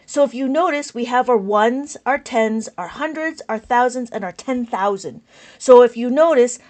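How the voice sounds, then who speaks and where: A woman teaching an abacus lesson on a live stream, reading out viewer comments, speaking loudly and with enthusiasm. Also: high voice. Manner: loud, enthusiastic, passionate.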